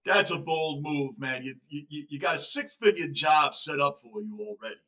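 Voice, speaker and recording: Bright-voiced New York guy reacting. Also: a little high, normal speed, faint music behind, poor audio. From Northeastern United States. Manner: excitable, chatty, self-questioning asides. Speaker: reaction video host. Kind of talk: casual reaction commentary.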